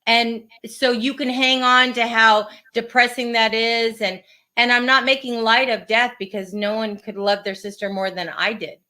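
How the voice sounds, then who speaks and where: A woman co-hosting a podcast in casual conversation. Her voice sits a little high and comes across bright and forceful. She talks in an earnest, reflective way, often starting her sentences over. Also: flat delivery, moderate pace. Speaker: podcast co-host.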